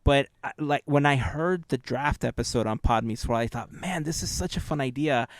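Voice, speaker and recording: A man co-hosting a podcast, talking casually and enthusiastically as he pitches ideas. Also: moderate pace, no room sound. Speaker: podcast co-host. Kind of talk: casual chat.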